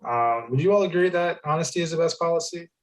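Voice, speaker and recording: A man's voice: on the high side, quick pace, rough recording. A young man, a guest on an interview show, telling a story in a loose, casual way with lots of fillers and restarts. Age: young adult.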